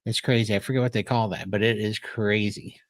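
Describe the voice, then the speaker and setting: A man's voice: lowish voice, steady tone, a little fast, no echo. Chatty man, laughing, on a video call. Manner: chatty, laughs often, loose rambling asides. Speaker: co-host of a livestream show. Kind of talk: casual livestream chat.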